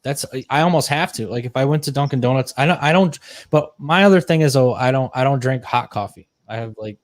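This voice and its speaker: Young male co-host, gripey and profane, mid pitch, dry close sound. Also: fast, dry recording. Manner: grumbling, profane, complaining. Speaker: podcast co-host. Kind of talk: casual chat.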